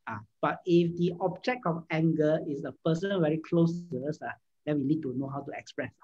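A man talks through an informal lecture. His voice is husky. He hesitates often and restarts his sentences. The recording sounds dull and lo-fi. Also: a little high, steady tone, fairly quick, a little mellow. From Malaysia. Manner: hesitant, many fillers and restarts. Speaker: speaker answering audience questions.

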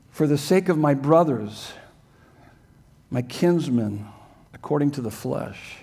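An older man preaches to his congregation in a church sanctuary. His voice sits on the higher side. He talks in an earnest, emphatic way and presses his listeners with rhetorical questions. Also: expressive, takes it slowly, pauses often, warm tone, breathy edge. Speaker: pastor. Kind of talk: sermon.

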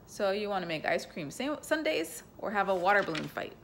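A woman's voice: medium pitch, big pitch swings, a little fast, fairly bright tone, slight background noise. A woman reading aloud voices a laid-back, lazy father. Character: easygoing lazy dad.

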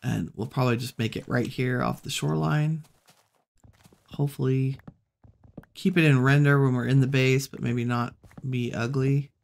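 A woman hosting a relaxed let's-play, musing aloud and chatting to the animals she meets in the game. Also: very deep voice, normal speed, creaky. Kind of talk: relaxed gameplay commentary.

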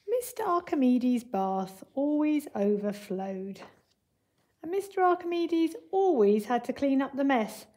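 A woman teacher with a fairly high voice walks young children through word problems and then reads them a picture book. She speaks clearly and patiently, the way you talk to a class of young kids. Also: big pitch swings, a little slow, warm tone. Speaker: primary school teacher. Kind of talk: remote maths lesson and picture-book read-aloud.

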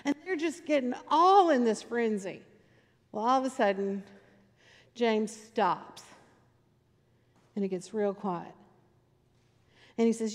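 A woman pastor delivers her sermon in a chatty, storytelling manner and hammers points home through repetition. Her voice sits a little high for a woman. It rings out with the long reverb of a church sanctuary. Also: slow, pauses often. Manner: conversational storytelling with emphatic repetition.

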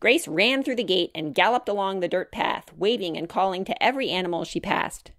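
A woman reading her own children's chapter book aloud, narrating in a clear, measured way. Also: medium pitch, lively intonation, fairly bright tone, no echo, clean studio sound.

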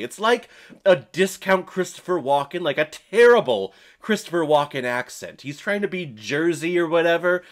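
A man's voice: a little high, fairly bright tone. A young man giving a casual, enthusiastic movie review, laughing often.

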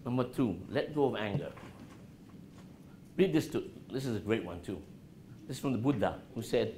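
A man speaks to a college class with a lively, swinging voice, asking the students questions and dropping low and soft to show calm. The sound is roomy, with faint noise in the background. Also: moderate pace, pauses often. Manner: animated, asks the audience questions, drops his voice low to show calm. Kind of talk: interactive talk to students.

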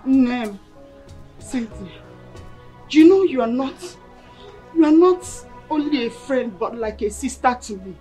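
A woman's voice: high-pitched, slow, a little mellow, faint music behind. An actress playing a guilty young woman who stammers as she begs forgiveness. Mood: begging. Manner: begging, stammering. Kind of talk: film acting.

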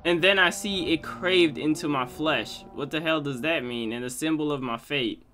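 Young male let's play host, crude, jokey, slightly high voice, game music behind. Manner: profane, joking, trash-talking. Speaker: gaming channel host.

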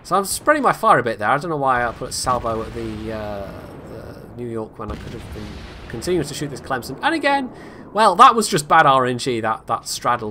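A man's voice: medium pitch, sharp tone, slight background noise. A man giving casual, self-critical commentary over his own game replay, rambling with frequent restarts. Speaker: gameplay commentator.

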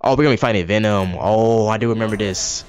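Low-voiced man swearing through gameplay. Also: fairly even intonation, quick pace, a little mellow, faint music behind. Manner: profane, reactive trash talk at the game; rambling asides with many restarts. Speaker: gaming channel host. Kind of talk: casual gameplay commentary.

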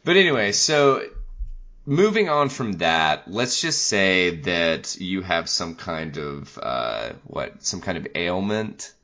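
A man with a low, sharp-edged voice chats loosely on a podcast, peppering his talk with "like" and jokes. The sound is dull and lo-fi. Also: big pitch swings, slow pace. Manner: loose, joking, lots of "like". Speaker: podcast co-host. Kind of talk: casual podcast chat.

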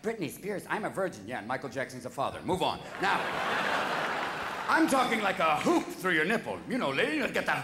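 A man performing live stand-up on a large theater stage, manic and quick to switch voices. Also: fairly high pitch, big pitch swings, very noisy. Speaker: stand-up comedian. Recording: echoey theater, loud crowd laughter.

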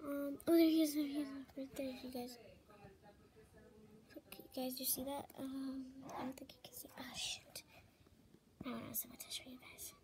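A young woman giving gameplay commentary into a tablet microphone held close, dropping to a whisper and then breaking into loud frightened outbursts. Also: sits high, level tone, moderate pace, long pauses, a crowd in the background. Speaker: gamer.

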